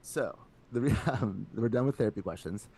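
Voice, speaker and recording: Low-voiced joking podcast co-host. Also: male voice, moderate pace, slightly rough. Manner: joking, laughs often, excitable. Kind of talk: casual podcast chat.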